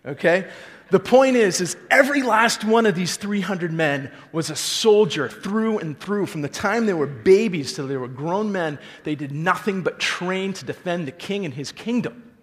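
A man preaching a sermon as a pastor, animated storytelling and rhetorical questions. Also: high voice, normal speed, big-room sound.

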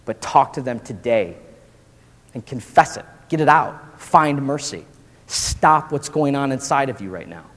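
A man in his forties preaching a casual, slangy sermon to college students, animated and full of "dude" and "man". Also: medium pitch, a little slow. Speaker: pastor. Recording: long hall reverb.

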